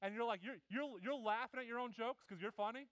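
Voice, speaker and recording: A middle-aged man preaching a sermon, telling animated family stories and acting out the voices of his kids and wife. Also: very high-pitched, quick pace, no echo, rough recording. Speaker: pastor.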